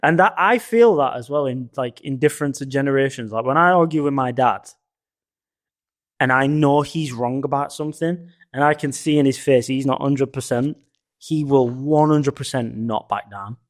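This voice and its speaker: A man's voice: mid-range voice, normal speed, no echo, studio quality. A man co-hosting a podcast, telling stories in a laid-back, casual chat and swearing freely. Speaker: podcast co-host.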